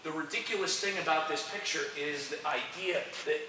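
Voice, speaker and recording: A man coaching young soccer players, giving an energetic, direct motivational talk to a group and checking in with frequent "okay"s. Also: fairly high pitch, brisk. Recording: roomy echo, distant mic, faint noise.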